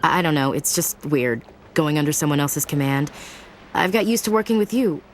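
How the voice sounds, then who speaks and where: A woman's voice: deep voice, expressive, brisk, slight background noise. An actress playing a tough, blunt female marine gunnery chief in a video game, with a sardonic soldier's way of talking. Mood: earnest.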